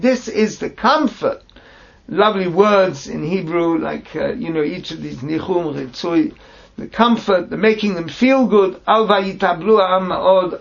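A man teaching a Torah class, reading Hebrew phrases and translating them into English with halting restarts. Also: fairly high pitch, creaky. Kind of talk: text study class. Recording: dull lo-fi recording.

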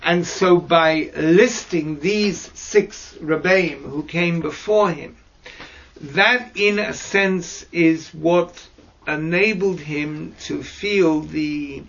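A man teaching mystical texts in a slow lesson over a video call, hesitant and searching for words with fillers and restarts. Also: creaky. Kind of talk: slow explanatory lesson with many pauses. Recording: dull low-fi audio with faint noise.

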